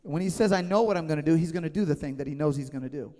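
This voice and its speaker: A fairly high-voiced male pastor delivers an emphatic, conversational sermon. He regularly checks in with his listeners, and his voice rings with the long reverb of a church hall. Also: racing, mellow. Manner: emphatic, conversational, asks the congregation questions. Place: church sanctuary.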